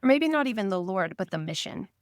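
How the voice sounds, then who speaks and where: A woman's voice: mid-range voice, big pitch swings, fast, no room sound. Earnest woman on a dry-sounding podcast. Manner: earnest, clear questioning. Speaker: fundraising coach. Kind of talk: casual podcast discussion.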